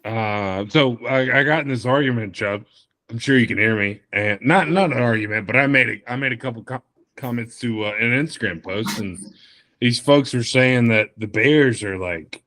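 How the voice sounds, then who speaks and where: A man's voice: mid-range voice, normal speed, a bit bright. A man in his thirties hosting a podcast, rambling loosely in a casual chat over beers with some swearing. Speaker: podcast host.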